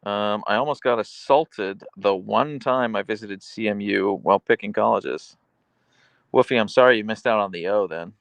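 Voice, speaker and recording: A man's voice: fairly low pitch, moderate pace, vocal fry, no echo, lo-fi sound. A man live-streaming, reading viewer comments aloud in a playful, teasing, chatty way.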